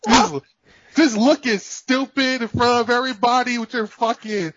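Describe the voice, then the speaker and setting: A man's voice: very high voice, steady tone, normal speed, fairly bright tone, no echo. A man in casual chat, ranting with laughs and profanity as a podcast co-host. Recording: dull lo-fi, dry.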